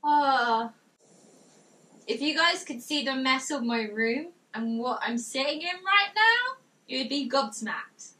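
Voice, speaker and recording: A young woman with a high, bright voice gushes through an unboxing vlog, exclaiming with delight. She is set back a bit from the mic in her bedroom. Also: lively intonation, slow pace, recorded from a distance. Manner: gushing, exclamatory, reads notes aloud. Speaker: vlogger.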